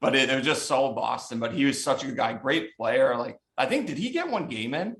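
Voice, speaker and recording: Lively and fairly quick, this medium-pitched man has a fairly bright tone. He is a former goalie in his thirties from the Chicago south suburbs, spinning yarns with plenty of swearing and frequent laughter on a relaxed podcast.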